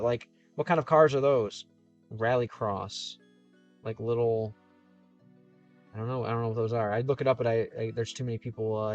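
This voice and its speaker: Over faint game music, a man with a mid-range, slightly mellow voice reads comments during a livestream. His relaxed, rambling talk often halts and starts again mid-sentence, and the recording sounds muffled.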